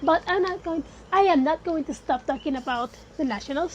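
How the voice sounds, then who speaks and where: A woman's voice: high-pitched, brisk, hardly any pauses, muffled recording, slight background noise. A woman hosting a casual solo podcast, sounding sick and congested with a cold, chatty and emphatic, slipping into Spanish phrases now and then. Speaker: podcast host.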